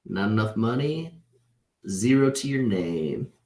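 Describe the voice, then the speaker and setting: His voice is lowish, expressive, a little mellow, and slow: a man in his thirties leading a casual class on a video call. He speaks conversationally and punctuates his points with "right?", with a roomy echo in the recording.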